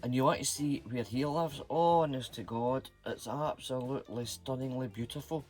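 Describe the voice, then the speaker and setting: A man's voice: mid-range voice, normal speed, darkish tone, soft background music. Chatty Scottish man. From Scotland. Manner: chatty, rambling, playful. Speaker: channel host. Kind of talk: casual vlog chat.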